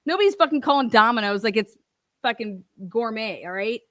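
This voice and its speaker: Heated young woman, storytime rant, lots of swearing, dry high voice. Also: animated, a little fast, no room sound. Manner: profane, heated ranting with laughs. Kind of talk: ranting storytime.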